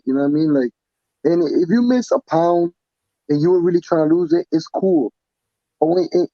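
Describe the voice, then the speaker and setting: A man's voice: on the high side, no echo. Fired-up man ranting, lo-fi audio. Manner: animated, profane, many restarts and repeats. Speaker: pro fighter guest. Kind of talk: casual interview talk.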